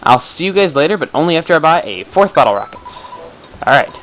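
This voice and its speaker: A man giving chatty, excitable commentary while playing a video game, tossing in the odd swear for effect. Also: on the high side, fast, slight background noise, poor audio. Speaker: let's play host. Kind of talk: casual gameplay commentary.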